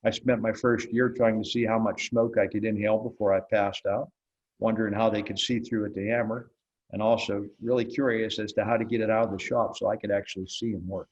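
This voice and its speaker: A man's voice: on the low side, little pitch movement, brisk, a little mellow, muffled recording. An older man, an interviewed blacksmith, telling stories in a wry, folksy way, acting out the dialogue. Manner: folksy, wry storyteller who acts out dialogue. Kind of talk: relaxed storytelling in an interview.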